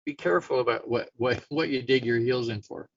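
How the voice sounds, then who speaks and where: A man's voice: mid-range voice, brisk, vocal fry, husky, no echo. Brief: middle-aged man, self-help host, loose conversational delivery, dry muffled recording. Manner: casual, rambling, frequent restarts, animated storyteller. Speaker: show host.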